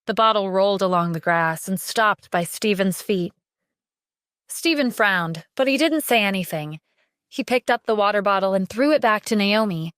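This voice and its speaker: A woman narrating a scripted audio drama with steady storytelling. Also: medium pitch, clear, resonant tone, no room sound, clean studio sound.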